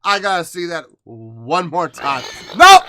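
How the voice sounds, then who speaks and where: A man hosting a music reaction video, emotional and excitable, moving between hushed awe and loud outbursts. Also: high-pitched, a little slow, noisy background. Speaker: reaction channel host.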